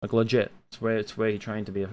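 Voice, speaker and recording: A young man reading viewer comments aloud and answering them in a casual, animated and opinionated way, swinging between loud outbursts and muttered asides. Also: on the low side, fast, smooth. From Australia. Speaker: streamer reading chat.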